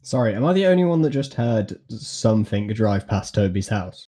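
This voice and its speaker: A man's voice: lowish voice, very animated, normal speed, mellow, slight background noise. A young man co-hosting a casual podcast chat, teasing and blunt. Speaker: podcast co-host.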